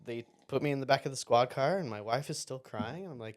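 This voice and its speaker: A man's voice: mid-range voice, fast. Easygoing man telling a story. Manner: rambling, self-interrupting anecdote with quoted dialogue. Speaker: podcast guest. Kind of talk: casual storytelling.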